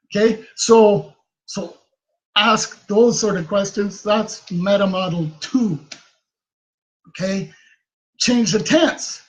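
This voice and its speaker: A man's voice: high-pitched, slow, long pauses, low-quality recording. A man giving casual self-help advice to the camera, chatty and tagging many sentences with a questioning "right?". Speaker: self-help video host.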